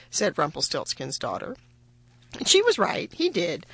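A woman reading a children's fairy tale aloud in an expressive, animated way. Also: low-pitched, unhurried, slightly rough, dry recording. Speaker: storyteller.

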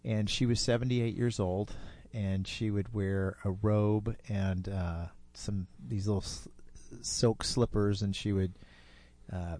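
Low, mellow man telling a story. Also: fairly even intonation, takes it slowly. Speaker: storyteller guest. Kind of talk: personal storytelling.

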